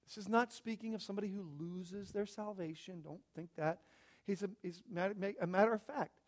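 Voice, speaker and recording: High-voiced emphatic male preacher. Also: a little fast. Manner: emphatic, swings from hushed to loud with rhetorical repetition. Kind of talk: sermon.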